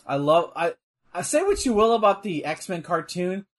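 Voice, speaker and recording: An excitable man in a casual watch-along chat, reacting loudly to the action and cursing when something surprises him. His voice is husky and fairly high for a man, and it swings widely in pitch as he talks. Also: normal speed. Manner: excitable, swears and exclaims at the action. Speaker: co-host.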